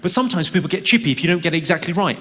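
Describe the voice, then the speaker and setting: High-voiced stand-up comedian in a hall. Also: male voice. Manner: deadpan, quick delivery with crowd work. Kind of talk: stand-up routine. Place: large theatre stage. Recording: live hall recording with crowd noise.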